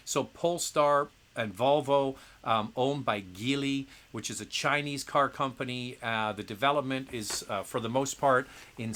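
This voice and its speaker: This is a casual livestream Q&A where a middle-aged man answers questions from viewers. His ordinary-pitched voice sounds bright and forceful, and his opinionated, talkative delivery keeps restarting with "uh" and "um."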